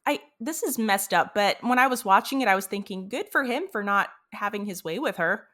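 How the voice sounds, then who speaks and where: A woman's voice: mid-range voice, lively intonation, fairly quick, pushed and bright. A woman co-hosting a podcast, talking through an episode in thoughtful casual chat and reading quotes aloud. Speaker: podcast co-host.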